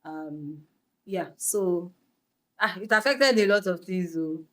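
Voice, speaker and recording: A young Nigerian woman with a Nigerian accent, a guest on a podcast, telling her story in a lively way, slipping into Pidgin phrases and laughing. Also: on the low side, slow. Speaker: guest actress. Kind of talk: podcast interview.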